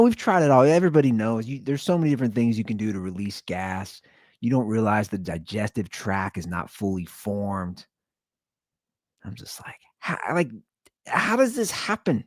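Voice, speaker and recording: A tired man with a low voice hosts his own show in a loose, blunt monologue, stumbling over restarts as he rambles. His pitch swings widely up and down as he talks. The sound is close and dry, with no room around it. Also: a little mellow, dry recording. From Cincinnati area. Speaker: podcast host. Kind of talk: casual solo monologue.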